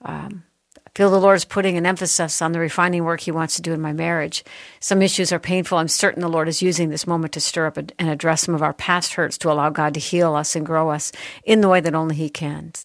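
A woman hosting a Christian talk show, reading listener texts aloud and answering them gently and tenderly. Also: low voice, steady tone, fast talker, dry recording, clean studio sound. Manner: gentle, tender, softening at heartfelt moments. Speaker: host.

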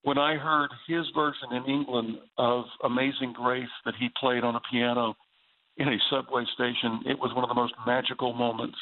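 A man's voice: mid-range voice, flat delivery, moderate pace. A man with a Southern US accent, a guest on a faith talk show, speaking earnestly and with enthusiasm. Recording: tinny phone line.

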